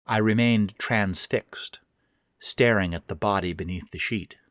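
Deep-voiced man narrating a horror story. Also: a bit bright, dry recording, clean studio sound. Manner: measured, deliberate storytelling.

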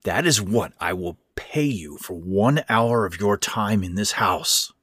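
A man doing a hoarse, scornful old stepfather. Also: fairly low pitch, unhurried, a bit bright, dry recording, studio quality. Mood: insistent. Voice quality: hoarse rasping. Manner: scornful, insistent. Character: bitter old sick stepfather, wealthy, rasping.

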